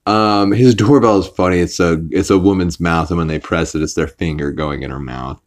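A low-voiced man chats through a casual recap of a cartoon episode. He rambles, leans on fillers, and slips into quick put-on voices when quoting characters. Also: steady tone. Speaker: podcast host.

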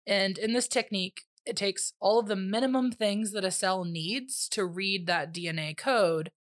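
A young adult woman co-hosting a casual science podcast, relaxed and agreeable, often laughing. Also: mid-range voice, moderate pace, no echo, studio quality. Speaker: podcast co-host.

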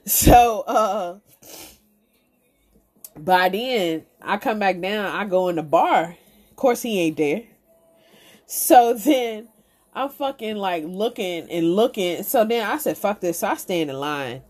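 A woman's voice: mid-range voice, lively intonation, slow, darkish tone. A woman host telling a comic story in a casual, profane and exasperated way. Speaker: podcast host.

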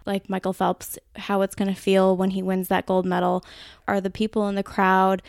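A woman's voice: mid-range voice, monotone, moderate pace, vocal fry, smooth, no echo, clean studio sound. A woman with a Minnesota accent hosting a podcast, explaining ideas in a chatty, casual way with the odd swear word. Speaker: podcast host.

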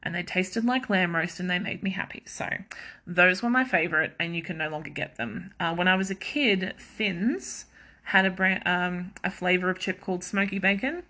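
A young woman hosting a podcast, chatting casually and mocking herself, with quick asides and frequent laughs. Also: fairly low pitch, bright, forceful tone. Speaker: podcast host. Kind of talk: casual chat.

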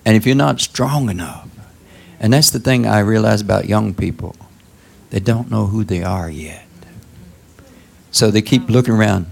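A man delivers a sermon with a gravelly, husky voice. He talks to the congregation conversationally, tossing out questions and jumping into high, excited exclamations for emphasis. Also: normal speed. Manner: conversational preaching with call-outs like "Huh?" and sudden high exclamations. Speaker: pastor.

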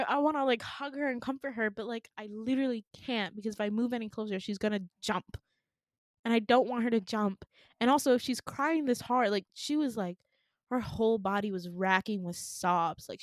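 A woman co-hosting a podcast, casually retelling a dream in an animated way, quoting herself and swearing freely. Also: a little high, no echo, clean studio sound. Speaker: podcast co-host.

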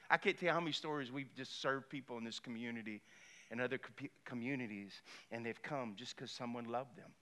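A middle-aged pastor preaches a sermon in a fairly quick, mid-range voice. He tells stories animatedly, acting out the voices of the people in them.

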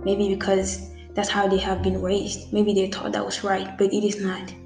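A woman's voice: mid-range voice, monotone, moderate pace. An eighteen-year-old woman in casual vlog talk, speaking earnestly to her viewers with many fillers and restarts. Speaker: vlogger. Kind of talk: casual heartfelt talk to camera. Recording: roomy echo, faint music behind.

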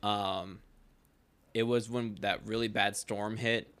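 A man's voice: lowish voice, little pitch movement, slow pace, a bit bright, clear, resonant tone. Young man rambling through a story. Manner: rambling anecdote, heavy use of "like", frequent swearing. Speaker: podcast co-host. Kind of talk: casual chat.

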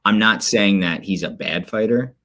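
A man co-hosting a podcast, chatting casually about sports with animated storytelling and quick asides. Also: fairly low pitch. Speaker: podcast co-host.

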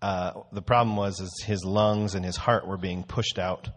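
Man, lower pitch, easygoing conversational sermon delivery, storyteller. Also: steady tone, normal speed. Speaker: church teacher. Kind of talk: casual sermon.

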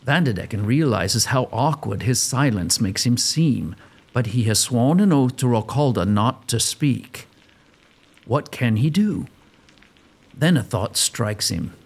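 A man narrates an audio drama in a storytelling way. His husky voice moves up and down with lively expression. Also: medium pitch, a little slow.

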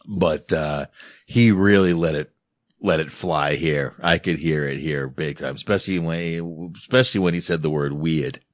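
A man with a very deep voice chats casually as a podcast host, animated and quick to laugh and swear. The sound is dry and close, with no room around it. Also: no echo. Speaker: podcast host reviewing a film. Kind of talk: casual chat.

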